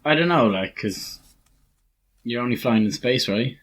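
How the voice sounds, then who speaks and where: A man's voice: medium pitch, animated, measured pace, husky. A man co-hosting a casual podcast, laid-back and rambling, ending lines with "like". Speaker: podcast co-host. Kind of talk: casual chat.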